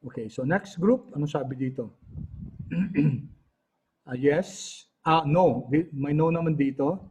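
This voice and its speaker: A Filipino-accented man teaches an online class in a halting way, full of fillers and the odd cleared throat. His voice is mellow and a little husky. The audio is dull and lo-fi. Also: on the high side.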